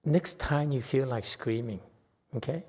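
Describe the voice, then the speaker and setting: A man's voice: medium pitch, a little slow, darkish tone, breathy edge. A man giving a Dharma talk as a meditation teacher, chatty and teasing, often checking in with his listeners.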